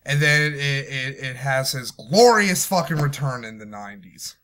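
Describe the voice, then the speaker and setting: Young man, angry profane movie rant, bright edgy voice, mutters then yells. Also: medium pitch, normal speed. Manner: angry, swears constantly, swings from muttering to shouting. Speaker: movie reviewer. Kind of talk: profane ranting movie review.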